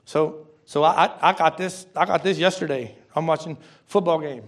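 High-voiced male pastor preaching. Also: normal speed, vocal fry. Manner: conversational, asks the congregation direct questions; repeats key phrases for emphasis. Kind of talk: sermon.

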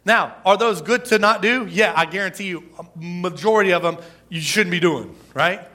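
A man preaching a sermon in a lively, conversational way, with asides, chuckles and emphatic peaks. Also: sits high, moderate pace. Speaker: pastor.

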